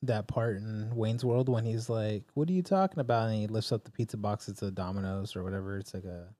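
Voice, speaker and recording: An easygoing young man co-hosts a podcast, chatting casually and readily agreeing with his partner. His voice is mellow and warm in tone, recorded close and dry. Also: fairly low pitch, level tone, fairly quick, no echo. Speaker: podcast co-host. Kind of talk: casual chat.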